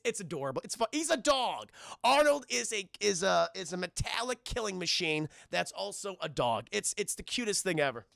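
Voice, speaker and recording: Young man, live-stream film recap, animated, profane, gravelly, bright, dry sound. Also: high voice, dry recording. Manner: animated, profane, keeps addressing chat.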